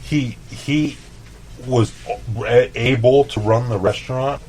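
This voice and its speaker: A man from El Paso, a chef, telling stories in a loose, profane, animated way on a podcast. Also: medium pitch, takes it slowly, slight background noise, poor audio. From El Paso, Texas. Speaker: chef, interview guest. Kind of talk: casual storytelling.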